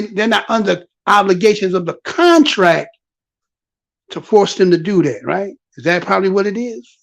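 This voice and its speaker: A man giving casual vlog commentary on news clips, animated, repeating himself and firing off rhetorical questions. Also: sits high, creaky.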